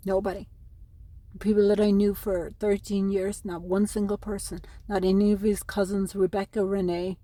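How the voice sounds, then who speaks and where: A woman's voice: mid-range voice, mellow, no echo. A middle-aged Irish woman from Ireland, making an emotional plea straight to camera, aggrieved and pleading as she talks to her sons. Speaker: mother speaking to camera about custody. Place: at home in New Mexico.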